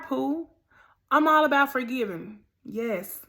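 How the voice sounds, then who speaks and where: A woman's voice: fairly high pitch, lively intonation, normal speed, sharp tone. A woman hosting a faith podcast, talking straight to listeners in an emphatic, direct, preachy way. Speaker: podcast host. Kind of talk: casual motivational monologue.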